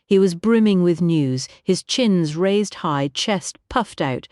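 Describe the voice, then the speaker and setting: A woman narrating a mystery novel as an audiobook in a measured, wry manner. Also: on the low side, lively intonation, darkish tone, no room sound, studio quality.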